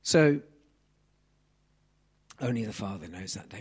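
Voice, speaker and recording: A man in his thirties from England preaching a sermon on a handheld mic, animated and swinging from soft asides to loud exclamations. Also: mid-range voice, normal speed, long pauses, husky.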